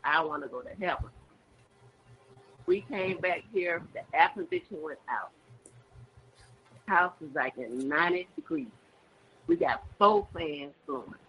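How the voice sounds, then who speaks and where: A woman's voice: on the low side, lively intonation, measured pace, pauses often. An older woman speaks her church testimony with insistent, repeating emphasis, preaching as much as telling. The recording is dull and lo-fi, with a faint hiss of noise underneath. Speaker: church member giving testimony. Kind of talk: personal religious testimony.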